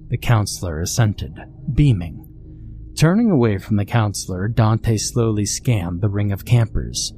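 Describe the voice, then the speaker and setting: A man narrating a scary story in a measured, deliberate way. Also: fairly low pitch, animated, warm tone, soft background music. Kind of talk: scripted horror narration.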